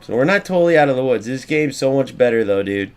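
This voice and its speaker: A man's voice: medium pitch, fast, clean tone. A young man streaming a football video game, commenting live, swearing and ranting about glitches. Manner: excitable, swears, rants at the game. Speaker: gaming streamer.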